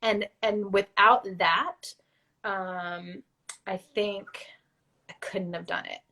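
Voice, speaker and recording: A woman guest, tearful and earnest, telling her story in halting, faith-driven speech. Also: medium pitch, steady tone, bright, forceful tone, rough recording. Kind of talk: emotional personal interview.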